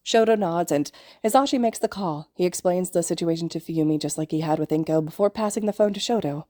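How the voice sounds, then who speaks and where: Mellow-voiced woman reading a story. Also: fairly low pitch, fairly quick, no echo, clean studio sound. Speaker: podfic reader. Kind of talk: fanfiction read aloud.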